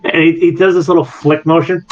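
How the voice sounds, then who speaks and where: A man narrates a tabletop game as its game master, breaking into laughs along the way. His voice sits a little high. It comes through a dull, lo-fi mic with faint music behind. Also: level tone, a little fast. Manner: laughs often while narrating. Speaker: dungeon master.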